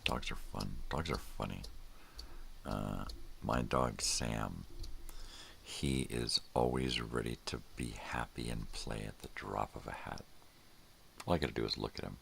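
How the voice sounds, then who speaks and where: A man's voice: rumbling low, a little slow, vocal fry, fairly bright tone, slight background noise. An older man hosting a casual morning livestream, rambling in a laid-back way and drifting off into mumbles. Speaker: host.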